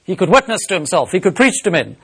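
A man preaching a sermon, expounding a Bible passage and reading scripture aloud in a measured way. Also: high-pitched, very animated, gravelly, a bit bright, husky.

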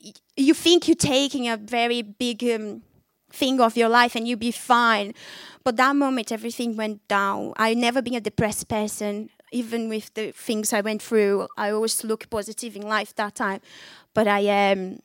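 A woman from Brazil speaks English with a Brazilian accent in a fairly high voice, recounting her own story in an earnest, candid testimony. The sound is close and dry, with almost no room around her. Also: dry recording. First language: Portuguese. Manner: earnest, candid storytelling with lively acted-out quotes. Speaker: speaker giving a faith testimony. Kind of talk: personal testimony.

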